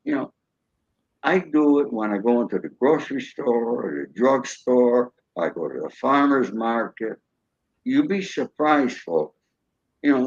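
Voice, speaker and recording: A man's voice: mid-range voice, gravelly, slightly rough, lo-fi sound. An older man, a show guest, telling folksy stories and acting out cheerful greetings in a raised voice. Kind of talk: storytelling.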